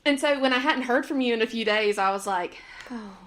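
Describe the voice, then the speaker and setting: A young woman co-hosting a podcast in casual chat, animated and laughing often, acting out what she and others said. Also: a little high, fairly quick. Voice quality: animated, laughs often, quotes herself in voices. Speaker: podcast co-host.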